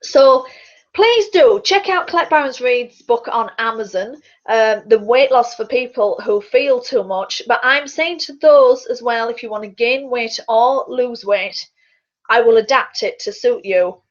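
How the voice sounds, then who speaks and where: A woman, a fitness coach, chatting casually to her webcam from a small quiet bedroom, rambling a little and stumbling over words. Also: a little high, measured pace. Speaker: fitness coach and public speaker. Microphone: computer mic on a video call. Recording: dull lo-fi webcam audio.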